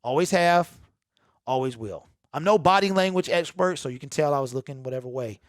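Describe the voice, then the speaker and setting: The host of a sports talk channel, a man with a slightly high voice, speaks briskly and with animation in a raw, unedited monologue to his viewers. He comes across as emphatic, repetitive, earnest and emotional, in a dry recording with clean studio sound.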